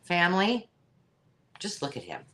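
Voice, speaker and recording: A woman's voice: fairly low pitch, huge pitch swings, unhurried, fairly bright tone. A woman hosting a live online sale, chatty and jokey, laughing at her own remarks. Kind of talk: live-stream sales chat.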